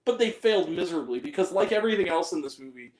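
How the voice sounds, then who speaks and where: A man chatting casually on a film review podcast, animated and profane, laughing often as he rants. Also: fairly high pitch, rapid-fire, echoey room, rough recording. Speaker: podcast co-host reviewing films. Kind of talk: casual chat.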